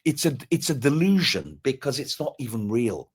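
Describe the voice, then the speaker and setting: A man's voice: mid-range voice, very animated, moderate pace, breathy edge. A man talking in a live stream conversation, earnest and motivational, often repeating words as he builds up. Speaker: guest speaker.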